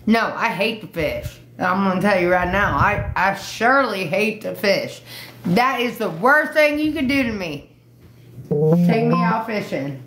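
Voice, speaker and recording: A woman's voice: medium pitch, animated, measured pace, echoey room, noisy background. Brash, profane woman livestreaming. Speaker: livestream host. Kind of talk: casual livestream chat.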